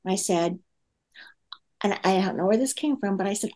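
A middle-aged woman, a guest speaker on parenting, tells a family story in a relaxed conversation, acting out the dialogue with many fillers. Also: mid-range voice, normal speed.

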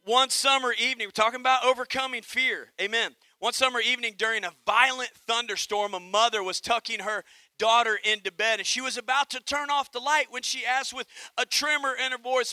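A man preaching a sermon with lively energy, telling jokes and calling on the congregation for amens. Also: very high-pitched, a little fast, no room sound. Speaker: pastor.

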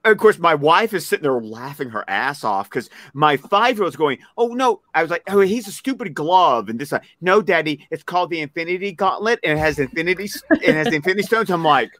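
A man in his thirties on a podcast panel, telling stories in an animated way in casual chat. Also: a little high, fairly quick, hardly any pauses, no room sound. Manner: storytelling, animated.

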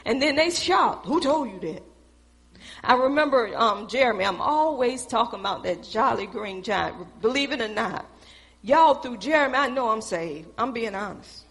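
A woman's voice: a little high, expressive, normal speed, a bit bright, in a large hall. A woman preaching a sermon in a church, talking straight to the congregation in a conversational, emphatic way.

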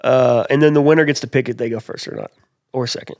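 A man's voice: medium pitch, steady tone, fast, no room sound. A man co-hosting a podcast in casual chat, rambling and joking about himself. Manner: self-deprecating, rambling with restarts. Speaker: podcast co-host.

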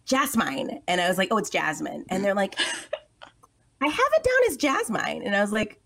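Lively laughing woman hosting a chat. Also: mid-range voice, moderate pace, creaky, slight background noise. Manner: laughs often, playful and animated. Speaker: podcast host. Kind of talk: casual chat.

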